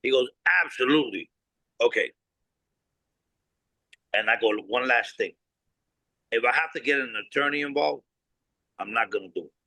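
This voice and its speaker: A bright, forceful man tells stories in an interview with no-nonsense bluntness, acting out both sides of past conversations and swearing freely. His voice is close and dry, with no room sound at all. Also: medium pitch, normal speed, long pauses, dry recording, rough recording. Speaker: cigar company founder, guest. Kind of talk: animated storytelling interview.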